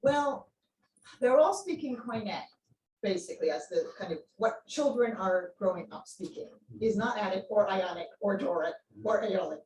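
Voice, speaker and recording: A woman's voice: mid-range voice, expressive, moderate pace, darkish tone. Woman lecturing in an echoey room. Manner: explanatory, thinks aloud with many ums, answers questions. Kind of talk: academic seminar lecture. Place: seminar room. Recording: echoey room, voice a bit distant.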